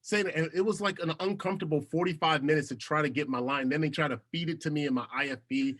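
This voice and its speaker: Man, bright forceful voice, somewhat high, animated storyteller, laughs a lot, middle-aged. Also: quick pace. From United States. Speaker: podcast guest, TV host. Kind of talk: casual interview storytelling.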